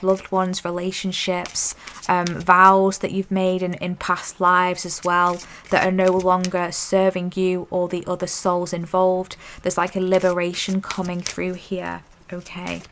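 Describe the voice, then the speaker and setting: A woman giving a soft, affirming pick-a-card tarot reading, often checking in with "okay?" and "I'm hearing.". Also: medium pitch. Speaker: intuitive tarot reader.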